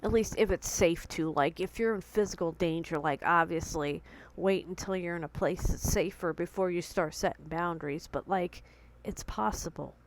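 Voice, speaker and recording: Speaking at a moderate pace in a voice on the low side, a young woman vlogs from home over a rough recording with a little hiss or hum. She gives an earnest, emotional account of a tense confrontation, quoting dialogue, still shaken and heart pounding, in a personal storytelling vlog.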